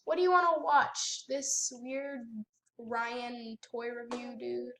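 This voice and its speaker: A woman's voice: a little high, fairly even intonation, takes it slowly, vocal fry, a bit bright. A woman ranting with sassy indignation while commentating her gameplay at home by the computer. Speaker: gaming channel host.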